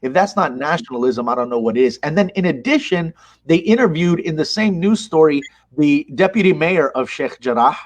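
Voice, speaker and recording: Speaking briskly in a slightly high, animated voice, a mosque leader answers questions in a conversational interview. He is fervent and emphatic, bringing the events he describes to life.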